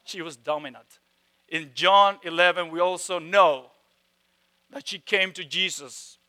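A man preaching a sermon, emphatic, with slow repeated phrases and sudden drops from loud stresses to hushed tones. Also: high voice. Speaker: pastor.

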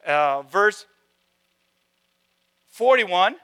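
A man preaching a sermon, emphatic, with slow repeated phrases and sudden drops from loud stresses to hushed tones. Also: high voice, lively intonation, smooth. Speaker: pastor.

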